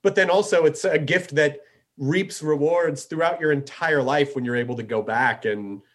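A man's voice: fairly high pitch, normal speed, a bit bright. A man hosting a casual chat, enthusiastic and loose, with plenty of fillers and casual swearing. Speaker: podcast host.

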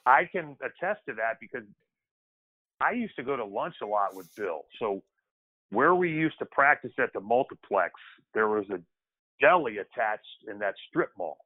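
A man's voice: medium pitch, very animated, normal speed. A man spins easygoing stories from his playing days, talking loosely and circling back on himself mid-sentence. His voice sits in a middling range, and it arrives through a thin, phone-like line. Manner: conversational, loose, frequent restarts and "kid". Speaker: guest, former pro basketball player. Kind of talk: casual storytelling interview.

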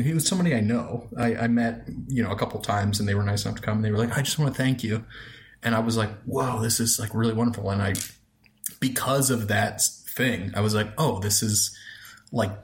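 Male guest, 30s, animated storyteller, filler-heavy casual delivery. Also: on the low side. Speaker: film director guest.

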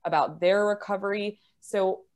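A woman hosts a podcast with a casual interview feel, asking long, rambling questions full of filler words. Her mid-range voice is steady and a little mellow, at a normal speed.

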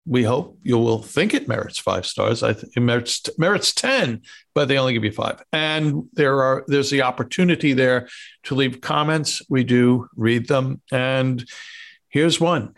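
A man co-hosting a podcast, chatting and signing off the show in a friendly, halting way. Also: medium pitch, gravelly, a bit bright. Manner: friendly, hesitant with fillers. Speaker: podcast co-host. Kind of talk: casual chat, show sign-off.

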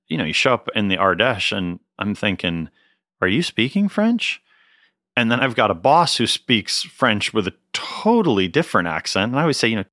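Low-voiced man telling earnest stories. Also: no echo, clean studio sound. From United States. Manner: earnest, animated anecdotes with restarts. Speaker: winemaker guest. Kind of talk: conversational storytelling.

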